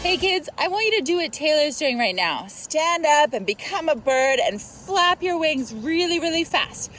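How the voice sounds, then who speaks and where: A woman's voice: high-pitched, sing-song, moderate pace, over music. Bouncy, encouraging woman lesson host. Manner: upbeat, encouraging, speaks to children. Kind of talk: kids' online lesson.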